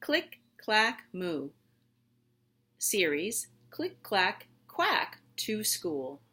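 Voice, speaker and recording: Reading to her class from a picture book, a woman teacher speaks at medium pitch, stretching her words out in an expressive storytelling style.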